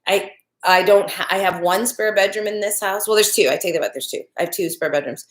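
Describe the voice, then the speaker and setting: A woman's voice: medium pitch, a little fast. Older woman chatting in an echoey room. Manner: chatty and rambling, with frequent restarts and fillers. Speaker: YouTube crafting channel host. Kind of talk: casual livestream chat reading viewer comments. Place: living room at home.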